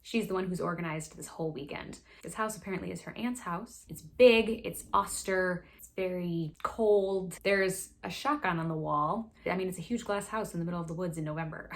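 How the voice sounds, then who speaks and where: A woman hosting a casual book recap, chatty and sassy, full of quick asides. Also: fairly low pitch. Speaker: book review host.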